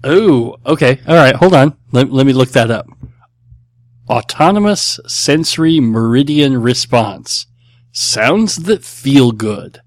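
A man's voice: mid-range voice, expressive, measured pace, no echo. A middle-aged man hosting a podcast, answering listener questions in a casual, blunt, rambling way with many fillers. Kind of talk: casual chat.

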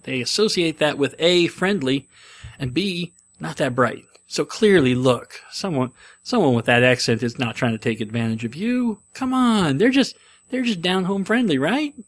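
Middle pitch male storyteller in his forties, loose and digressive, casual delivery. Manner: rambling, digressive.

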